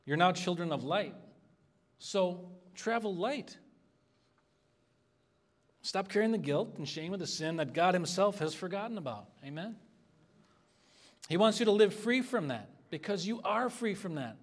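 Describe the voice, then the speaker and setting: A man's voice: sits high, lively intonation, measured pace, long pauses. A man preaching an expository sermon as a pastor, earnest and conversational, asking the congregation for responses.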